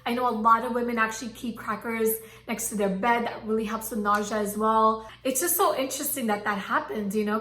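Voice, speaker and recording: Bright-voiced young woman chatting in an echoey room. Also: on the high side. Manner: chatty, gushing, many fillers. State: pregnant. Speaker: vlogger. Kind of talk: casual chat to camera.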